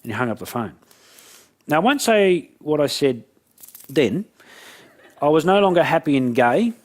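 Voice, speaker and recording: A man giving a talk, telling jokey stories in an animated way. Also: on the high side, normal speed. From Australia. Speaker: motivational speaker. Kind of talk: storytelling keynote talk.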